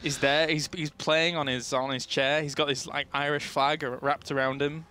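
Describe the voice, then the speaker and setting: Bright-voiced Englishman with a southern accent. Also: on the high side, little pitch movement, normal speed. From England. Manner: chatty, jokey, laughs often. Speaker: esports commentator. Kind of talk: live game commentary, casual banter.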